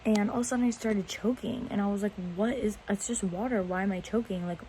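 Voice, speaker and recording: A woman's voice: medium pitch, steady tone, quick pace, mellow, slight background noise, poor audio. A young woman chatting casually into her phone camera in bed at night, rambling and laughing at herself. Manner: rambling, self-mocking, giggly. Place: bedroom at night.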